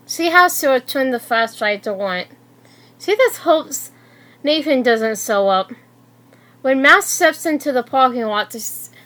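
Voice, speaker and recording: Frau, langsam erzählend, hohe Stimme. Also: female voice, high voice, a bit bright. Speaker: storyteller. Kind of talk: reading a fan story aloud.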